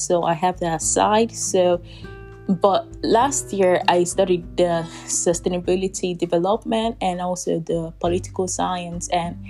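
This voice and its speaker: Young woman vlogger, somewhat low pitch, chatty and rambling with frequent laughs, soft guitar music under her. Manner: rambling, heavy use of "like", laughs between phrases. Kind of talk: casual storytelling.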